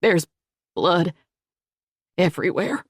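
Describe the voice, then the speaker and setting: A woman reading the part of a grief-stricken older grandfather who speaks in a shaky, tearful, halting voice. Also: high-pitched, lively intonation, slightly rough, no echo, studio quality, heavily acted. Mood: shaken, tearful.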